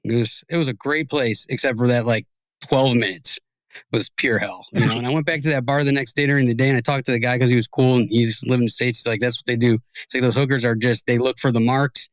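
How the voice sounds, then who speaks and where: A quick-talking young man with an average pitch, hosting a podcast and spinning an animated, profanity-laced story. He rambles through it in a casual chat. The recording is dry and close. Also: dry recording. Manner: swears freely, animated and rambling. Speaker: podcast host.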